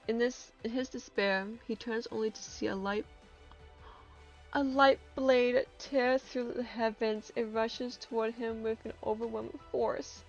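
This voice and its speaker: A woman's voice: fairly high pitch, gravelly, lo-fi sound. A woman streaming a story game, reading its narration aloud and breaking into laughs and outbursts.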